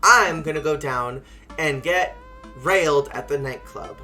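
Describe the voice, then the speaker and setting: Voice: mid-range voice, a little slow, pushed and bright, soft background music. A streamer giving playful, joking commentary while playing a video game and reading all the parts aloud.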